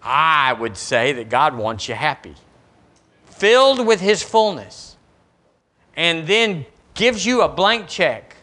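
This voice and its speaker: A pastor, preaching emphatically and reading scripture with lively asides. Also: male voice, on the high side, a little slow. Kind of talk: sermon.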